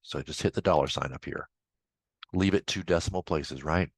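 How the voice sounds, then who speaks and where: A man instructor walking through a software tutorial in a casual, chatty way with offhand asides. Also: very deep voice, normal speed, breathy edge, no echo. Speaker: accounting instructor. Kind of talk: screen-recorded software tutorial.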